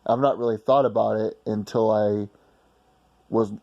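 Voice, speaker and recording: A man's voice: fairly low pitch, fairly even intonation, a little slow, creaky, mellow, muffled recording. A man casually telling a personal story in a rambling, blunt way with some swearing.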